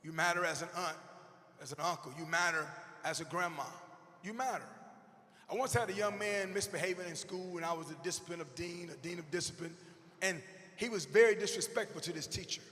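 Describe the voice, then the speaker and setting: A man in his forties giving an animated, comedic motivational speech to teachers, shouting punchlines and acting out characters. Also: high voice, brisk. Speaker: motivational speaker. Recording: long echo of a big hall.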